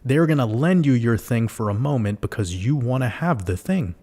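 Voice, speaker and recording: A man's voice: mid-range voice, lively intonation, normal speed, mellow. A man hosting a livestream, talking casually and animatedly to his viewers, swearing and firing off rhetorical questions. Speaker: livestream host.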